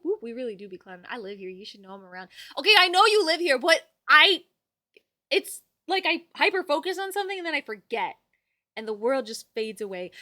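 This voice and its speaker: Bright, bubbly woman streamer. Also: on the high side, dry recording, clean studio sound. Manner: bubbly, hyped, reads chat aloud. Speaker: livestream host. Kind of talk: casual livestream chat.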